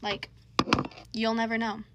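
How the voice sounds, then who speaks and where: A woman's voice: a little high, completely flat delivery, a little slow, highs cut off, heavy background noise. A young woman casually telling a dramatic personal story, chatty and full of slang.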